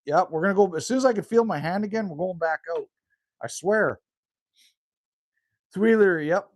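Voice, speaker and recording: A man's voice: high-pitched, normal speed, no echo, clean studio sound. A man chatting casually on a live stream outdoors, reading out viewer comments and answering them in a laid-back, rambling way. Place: outdoors by a cabin in the cold.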